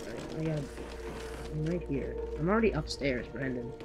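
A man's voice: a little high, expressive, moderate pace, over music. Chatty young gamer man. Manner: chatty, plans out loud while playing. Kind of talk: let's play commentary. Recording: game noise behind voice.

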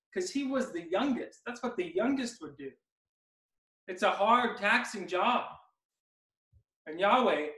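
A man preaching an expository sermon as pastor, emphatic and slowing down to stress key words. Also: sits high, fairly bright tone, reverberant, far from the mic, low-quality recording. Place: church sanctuary.

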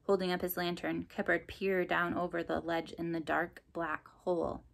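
A woman narrating a children's storybook chapter in an expressive, lively storytelling manner. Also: on the low side, moderate pace, creaky. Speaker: audiobook narrator.

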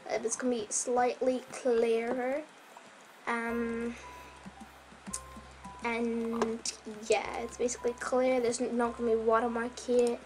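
A woman casually commenting on her gameplay, rambling and correcting herself, sometimes dropping to a soft whisper, her voice a bit strained. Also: on the high side, monotone, normal speed, music in the background, low-quality recording. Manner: rambling, self-correcting, chatty. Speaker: Minecraft let's player.

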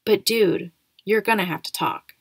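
A woman voicing a blunt, bored ten-year-old schoolboy in a storybook reading, speaking in a flat, offhand way. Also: mid-range voice, a little slow, gravelly, husky, no echo.

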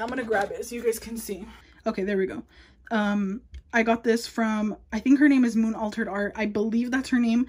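Chatty young woman, quick and nervous. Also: on the high side. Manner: fast, chatty, nervous, lots of fillers. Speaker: nail artist showing her workspace. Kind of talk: casual room-tour vlog.

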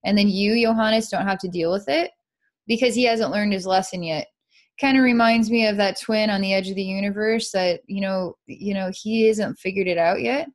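A woman psychic guides a client through an energy-healing session. Her voice is soft, often broken by sighs. She describes her visions in a dreamy, repetitive way. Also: mid-range voice, moderate pace.

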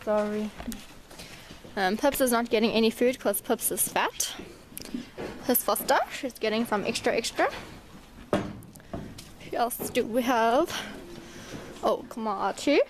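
A woman's voice: a little slow, pauses often, a little hiss or hum. A woman vlogging as she walks through her stables, chatting to viewers and calling out to the horses. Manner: chatty, calls out to horses in a high sing-song. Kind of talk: casual walk-and-talk vlog.

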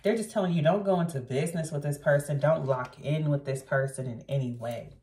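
Low-voiced woman doing a tarot reading. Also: a little fast, warm tone, recorded from a distance. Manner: blunt, chatty, swears freely. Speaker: tarot reader. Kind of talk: casual tarot reading to viewers. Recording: roomy echo, voice off-mic.

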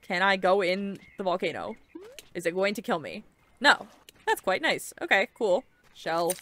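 A young woman giving casual, excitable let's-play commentary while playing a game, chatty and swearing casually. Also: medium pitch, unhurried. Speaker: gaming video creator.

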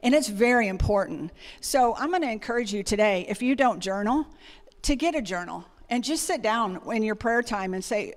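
A woman's voice: a little high, lively intonation, normal speed. Woman preaching in an echoing church. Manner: personal storytelling with frequent fillers. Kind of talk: conversational sermon. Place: church sanctuary.

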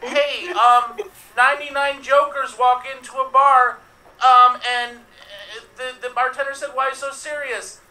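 A man's voice: very high-pitched, fairly even intonation, a little slow, bright, forceful tone, roomy sound, heavily acted, poor audio. A man playing a deranged male clown villain, frantic and laughing in fits, one performer in an online improv show. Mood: manic.

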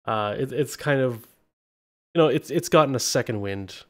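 A man hosting a podcast in a relaxed, chatty style. He teases his co-host and laughs often, and his voice sits at a middle pitch for a man. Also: normal speed. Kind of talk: casual podcast chat.

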